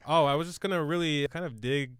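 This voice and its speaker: A man's voice: on the high side, fast talker, a bit bright, smooth, no room sound, studio quality. A man hosting a podcast, asking curious, easygoing questions. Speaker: podcast host. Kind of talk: casual podcast conversation.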